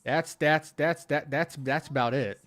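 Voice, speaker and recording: A young man streaming a game who rambles through stories, laughs often, and mutters quietly to the game in between. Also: a little high, a little slow. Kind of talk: casual live-stream chat.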